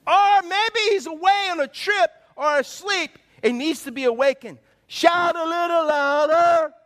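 A pastor playing a bold prophet who mocks his rivals with teasing, loud taunts. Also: high-pitched, big pitch swings, normal speed. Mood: mocking.

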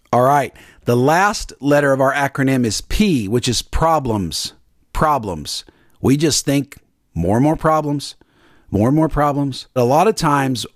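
A man's voice: mid-range voice, no room sound, studio quality. A middle-aged man, preaching an earnest, repetitive devotional sermon on his podcast and acting out panicked voices. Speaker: pastor podcast host.

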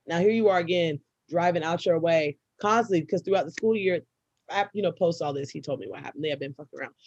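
A young woman, a podcast co-host, telling a personal story in casual, profane chat and breaking into loud, laughing outbursts. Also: on the low side, quick pace, husky, no room sound, dull audio.

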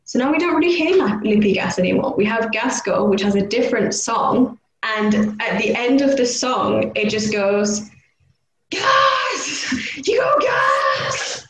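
A young woman from the UK co-hosting a casual podcast chat, animated and loud when she imitates street sounds. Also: mid-range voice, moderate pace, hardly any pauses. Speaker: podcast co-host. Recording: echoey room, faint background noise.

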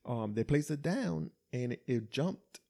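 A man's voice: mid-range voice, expressive, unhurried, mellow. A man telling a story in casual chat, laughing and acting out what people said. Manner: laughing storyteller, acts out quotes with swearing.

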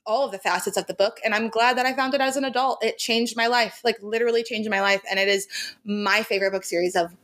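A woman's voice: on the high side, steady tone, fast talker, fairly bright tone. A young woman co-hosting a podcast, chatting casually and gushing emphatically about a favorite book series, laughing often. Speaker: podcast co-host.

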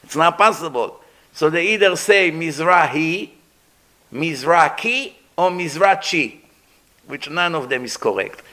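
An aged man teaches a religious class in a fairly high voice. He talks in a lively, conversational way, tossing asides to his listeners. He acts out the throat sounds he is explaining. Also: normal speed. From Middle East. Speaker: rabbi giving a lecture. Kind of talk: religious lecture.

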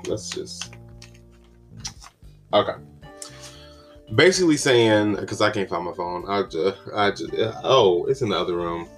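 A man talks through a casual solo podcast in a lowish voice, drifting from thought to thought with plenty of fillers and sudden exclamations. Soft guitar music plays faintly behind him. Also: lively intonation, moderate pace, hardly any pauses. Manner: rambling, chatty, with many fillers and exclamations. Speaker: podcast host.

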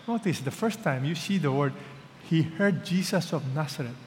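Pastor preaching hard, kinda high voice, goes loud then drops quiet, echoey hall. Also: male voice, animated, unhurried. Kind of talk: sermon. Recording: reverberant hall with faint background noise.

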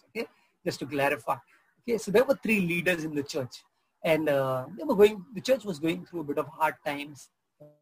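A man's voice: fairly high pitch, breathy edge, rough recording. A man preaching a sermon as pastor, conversational, asking the audience questions and joking. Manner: conversational, asks the audience questions, tells jokes.

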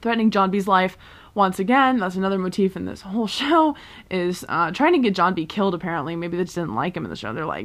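A young woman casually recapping a TV season, chatty and full of fillers, quickly acting out the characters' lines as she goes. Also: medium pitch, big pitch swings, fairly bright tone. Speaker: vlogger recapping a TV show.

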